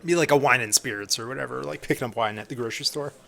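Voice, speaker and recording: A man's voice: medium pitch, racing, creaky, bright, forceful tone. A young man narrating as game master on a live stream, loose and joking with lots of fillers.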